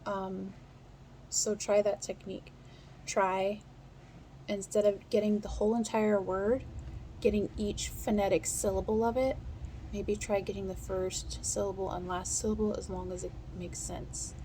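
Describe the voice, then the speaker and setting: A woman's voice: medium pitch, level tone, measured pace, dark tone, a little hiss or hum. Brief: woman with a mid-range voice, casual steno instructor, talks directly to viewers.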